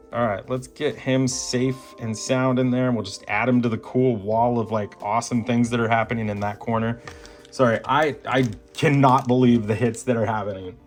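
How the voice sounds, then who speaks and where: A man hosting a card-opening vlog, calling out each card and gushing when a big pull appears. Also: mid-range voice. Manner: gushing, animated, breaks into laughter and shouts at big pulls. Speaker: card-opening channel host. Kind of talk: excited pack-opening vlog.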